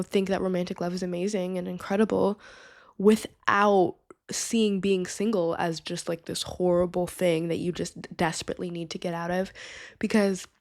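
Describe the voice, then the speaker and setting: A woman's voice: fairly low pitch, darkish tone. A young woman hosting her own podcast, talking casually and chattily with lots of "like" and "you know what I mean". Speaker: podcast host. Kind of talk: casual solo podcast talk.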